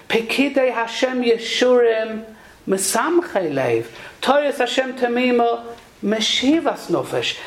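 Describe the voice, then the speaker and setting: A woman preaches on the weekly Torah portion, weaving a parable into her lesson and sprinkling in Hebrew and Yiddish words. Her voice sits a bit high and echoes through a roomy space. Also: a little hiss or hum. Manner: storytelling, mixes Hebrew and Yiddish terms. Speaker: Torah teacher. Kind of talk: sermon with parable. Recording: echoey room.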